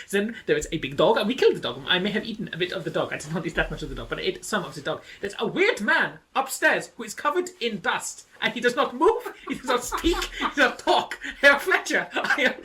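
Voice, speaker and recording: A man playing a rambling, excitable adventurer whose voice swoops up and down a great deal. The tone is bright and sharp, and he keeps breaking into laughter in this tabletop game. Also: sits high, full character voice.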